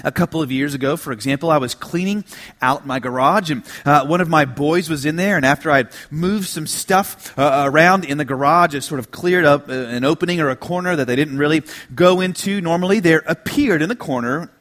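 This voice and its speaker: A middle-aged man preaching a sermon, telling stories with humor and moving between quiet asides and emphatic lines. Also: fairly high pitch, a little fast. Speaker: pastor.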